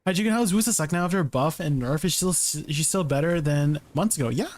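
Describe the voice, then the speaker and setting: Male game streamer, casual live chat, slightly high voice, laughs a lot. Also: quick pace. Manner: chatty, reads chat aloud, laughs often.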